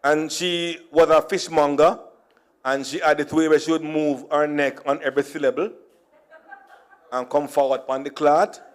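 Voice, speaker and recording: Speaking at a conference, this middle-aged man tells funny stories in a Jamaican accent, drifting between Creole and standard English and chuckling at his own punchlines. His pitch is on the high side, his tone level, his pace moderate.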